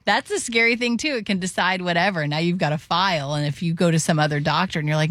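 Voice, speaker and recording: A woman co-host on a radio talk show, trading animated, laughing banter with the men. Her voice is on the low side for a woman, close and dry in the studio. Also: fast talker, few pauses, no echo. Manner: animated, laughing, worried asides.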